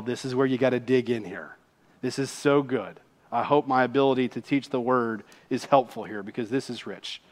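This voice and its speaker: A middle-aged man, a pastor preaching a sermon, slowing down on key words and speeding up in asides. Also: on the high side. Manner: emphatic preaching, slows for weight and speeds up in asides. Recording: long hall reverb.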